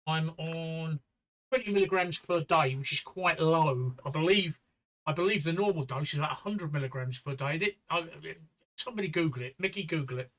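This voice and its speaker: A man's voice: fairly high pitch, brisk, fairly bright tone, low-quality recording. An older man in his sixties telling a story in a casual chat with blunt, sweary talk and short breath. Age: 60s. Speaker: stream host.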